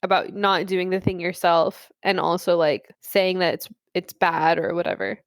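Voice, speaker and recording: A woman's voice: lowish voice, moderate pace, no echo. A woman co-hosting a podcast in casual chat, thinking aloud with lots of "like". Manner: loose and thinking aloud, full of "like". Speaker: podcast co-host.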